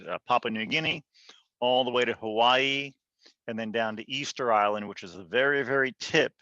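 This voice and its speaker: A man's voice: lowish voice, pushed and bright, no room sound. A male college geography professor leading a recorded online class session in a casual, joking way, thinking aloud as he goes. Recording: slightly dull video-call audio.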